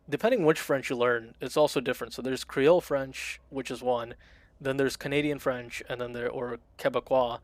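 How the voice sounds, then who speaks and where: A man chatting casually on a game stream, rambling with lots of fillers and reading chat aloud. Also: medium pitch. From Russian-speaking family, immigrated to America. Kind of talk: casual live-stream chat while gaming.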